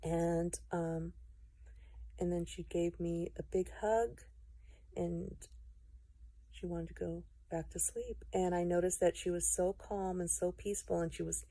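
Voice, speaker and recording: A middle-aged woman telling a personal testimony in a gentle storytelling manner, quoting conversations as she goes. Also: lowish voice, fairly even intonation, a little slow, dry recording. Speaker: testimony speaker.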